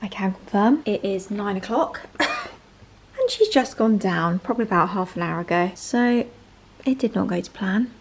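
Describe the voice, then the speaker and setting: A woman's voice: medium pitch, animated, moderate pace, a little hiss or hum. A young woman, chatting casually and self-deprecatingly in a home vlog. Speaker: vlogger.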